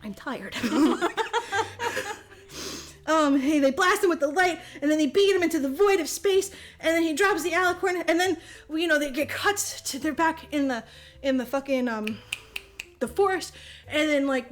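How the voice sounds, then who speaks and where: A woman's voice: high voice, moderate pace. A woman podcast host giving a casual comedic movie recap, rambling, swearing freely and laughing as she talks. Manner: profane, rambling, laughs often while telling.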